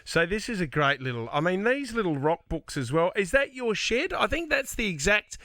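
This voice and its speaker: A man's voice: high-pitched, sing-song, normal speed, pushed and bright, no room sound. A man hosting a radio show, interviewing a guest with upbeat enthusiasm. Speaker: radio host.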